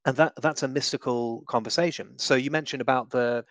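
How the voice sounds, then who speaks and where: A man's voice: mid-range voice, steady tone, a little fast, no echo. A man guest giving conversational theological teaching, emphatic and full of vivid examples with shifting inflection.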